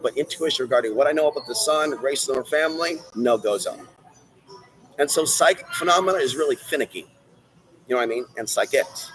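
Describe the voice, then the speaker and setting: On his own livestream, a man goes on a rambling rant to the audience and the chat at a slightly fast clip. He alternates between shouting bursts and quiet muttering, captured in a rough recording.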